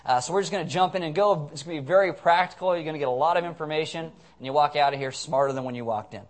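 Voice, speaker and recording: A man preaching a sermon to his church as pastor, conversational and joking, loudly acting out voices in his stories. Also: fairly high pitch, rapid-fire. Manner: jokey, conversational, acts out quotes loudly. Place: church sanctuary.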